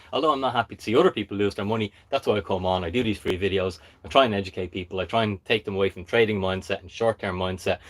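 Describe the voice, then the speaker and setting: Male live-stream host, lower voice, blunt and emphatic, keeps asking "okay?". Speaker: crypto channel host.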